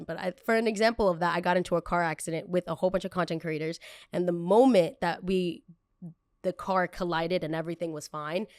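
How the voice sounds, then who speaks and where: A woman's voice: on the low side, no echo, clean studio sound. Chatty young woman telling a story. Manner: chatty, animated, jumps into quoted voices. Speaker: podcast host. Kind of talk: casual storytelling monologue.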